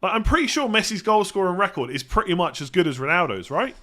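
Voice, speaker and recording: A man hosting a casual live-stream Q&A, chatty and self-correcting, often clearing his throat. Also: sits high, very animated, quick pace, bright, forceful tone. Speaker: fantasy football streamer.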